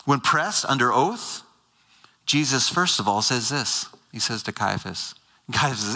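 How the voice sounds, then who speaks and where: A man's voice: mid-range voice, animated, a little slow, pushed and bright. A man explaining scripture to a live audience, emphatic and given to repeating and stumbling over words. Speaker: speaker. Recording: long hall reverb.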